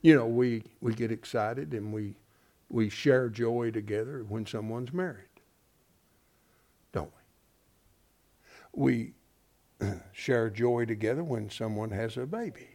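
A middle-aged man preaching a sermon, folksy and emphatic, dropping from loud declarations to hushed asides. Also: mid-range voice, slow, pauses often.

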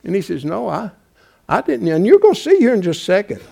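A man preaching a fiery sermon in a high, lively voice that leaps up and down. He drives his points with loud, emphatic urging, then sinks to quiet pleading, and he scatters "bless God" through his talk. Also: fast, vocal fry. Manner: repeats "bless God" as a filler.

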